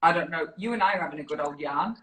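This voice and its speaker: A woman's voice: deep voice, quick pace, slight background noise. Chatty woman on a roomy live call. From New Zealand. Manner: animated, chatty, laughs often. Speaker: fitness program director. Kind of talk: casual live chat. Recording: roomy echo.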